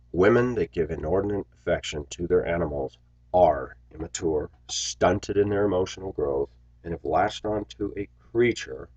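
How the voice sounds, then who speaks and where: Blunt deep-voiced man. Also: dark tone, husky, no room sound, muffled recording. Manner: blunt, opinionated, acts out quotes. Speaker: video commentator. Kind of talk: opinionated monologue to viewers.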